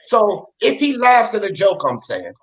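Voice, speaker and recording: Heated male talk-show host, high voice swinging all over, profane, hammers points home. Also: huge pitch swings, a little slow, fairly bright tone, low-quality recording. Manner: fired up, repetitive, profane. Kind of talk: heated live panel rant.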